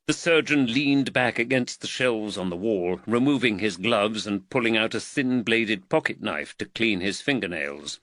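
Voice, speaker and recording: A man narrating a period mystery audiobook in a measured, expressive way. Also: lowish voice, dry recording. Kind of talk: scripted narration.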